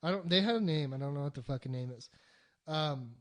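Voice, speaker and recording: Talking briskly and casually, this podcast co-host wanders off on tangents and swears freely. The mid-pitched voice stays conversational apart from short mocking impressions of the characters.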